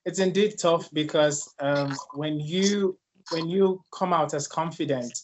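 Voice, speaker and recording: A man's voice: on the high side, a little slow, slight background noise. A man from Nigeria with a Nigerian accent, speaking earnestly and personally as a guest on a leadership panel discussion.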